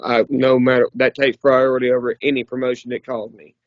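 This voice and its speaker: A man's voice: mid-range voice, little pitch movement, fairly quick, no echo. A man, a wrestler guest, talking candidly and emotionally in a casual interview. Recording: muffled lo-fi recording.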